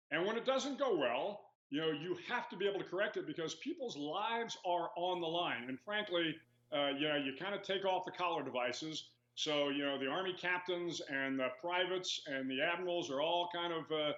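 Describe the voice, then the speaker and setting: A man in his sixties, a retired admiral, answering interview questions in a measured storytelling way with many "uh"s and "you know"s. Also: fairly high pitch, a bit bright. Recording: echoey lo-fi remote audio.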